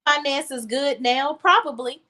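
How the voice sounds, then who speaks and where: A woman's voice: sits high, measured pace, sharp tone. A woman co-hosting a casual gossip chat, emphatic and sassy, tossing in "okay?" and "honey" often. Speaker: podcast co-host.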